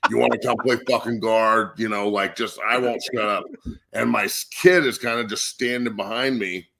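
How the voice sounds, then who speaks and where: A man, a high school line coach appearing as a podcast guest, telling a crude, boisterous story full of swearing. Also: sharp tone. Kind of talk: profane storytelling rant.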